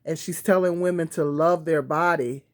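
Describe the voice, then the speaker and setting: A woman's voice: low-pitched, fairly even intonation, moderate pace. A woman talking casually to camera on a tripod, rambling with many fillers and restarts. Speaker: vlogger. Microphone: phone or camera on a tripod.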